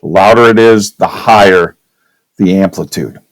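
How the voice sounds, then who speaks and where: A male physics teacher lectures casually at a whiteboard at a moderate pace, his voice low. He frequently asks "okay?" and uses his own voice to demonstrate. The audio is dry and roughly recorded.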